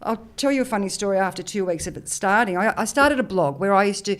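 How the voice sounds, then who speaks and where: A woman in her forties with an Australian accent, a podcast guest telling stories in casual chat, animated and swearing freely. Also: mid-range voice, quick pace.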